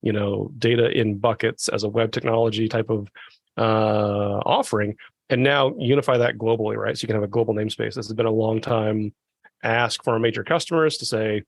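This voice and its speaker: A man talking as a podcast guest, quick and enthusiastic, correcting himself as he explains. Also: fairly low pitch, steady tone, vocal fry, no room sound. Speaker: guest, tech specialist. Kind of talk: casual podcast chat.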